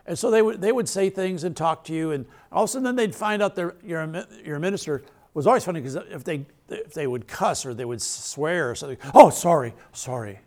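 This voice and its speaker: Lively gravelly-voiced man preaching. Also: a little high, fast. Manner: conversational preaching with laughs and rhetorical questions. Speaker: pastor. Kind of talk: sermon.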